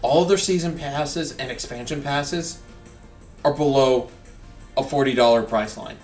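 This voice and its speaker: A gaming channel host gives casual gameplay commentary, emphatic, ranting, and jokey. His mid-range voice is unhurried and a little mellow, recorded from a distance and somewhat off-mic, with faint game music behind him.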